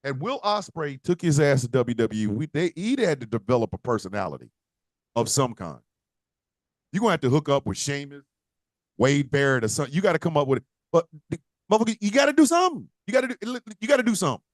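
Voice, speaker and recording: Animated, high-voiced ranting man. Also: fast, no echo, studio quality. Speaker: podcast co-host. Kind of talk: casual wrestling chat.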